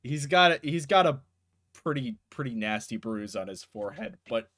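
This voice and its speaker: A man's voice: medium pitch, expressive, normal speed, a bit bright. A man narrating as game master in a casual, laughing way, swearing freely.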